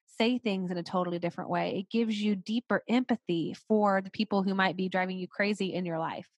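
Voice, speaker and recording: A woman's voice: medium pitch, steady tone, fairly quick, no room sound. A woman guest on a podcast, talking in an earnest, encouraging way and repeating phrases for emphasis. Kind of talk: casual conversation.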